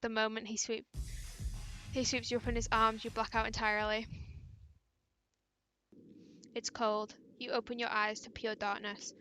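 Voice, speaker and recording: A woman's voice: on the high side, completely flat delivery, fairly quick, pushed and bright, faint music behind. Awkward woman stumbling through a game reading. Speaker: game player. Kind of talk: reading a visual-novel fangame aloud.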